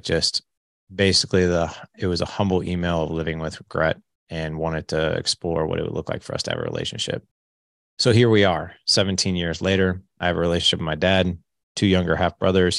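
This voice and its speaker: A man in his late forties shares his life story as a podcast guest. His voice is deep with a gravelly edge, and he acts out the conversations as he goes. The sound is close and dry. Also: dry recording. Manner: candid, animated storyteller who acts out dialogue. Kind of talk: storytelling in an interview.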